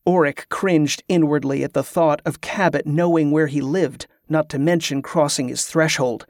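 A male audiobook narrator reads a novel aloud in an even, measured scripted narration. His voice is fairly high-pitched, and the recording is studio quality with no room sound.

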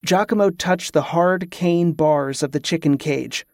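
Male narrator, slightly high voice, steady fantasy audiobook read, dry booth sound. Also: measured pace, hardly any pauses, no room sound.

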